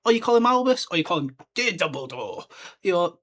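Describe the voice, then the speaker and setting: A man's voice: high-pitched, big pitch swings, brisk, a bit bright. A young man hosting a podcast, chatting casually and rambling with lots of filler words. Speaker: podcast host. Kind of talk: casual solo book discussion.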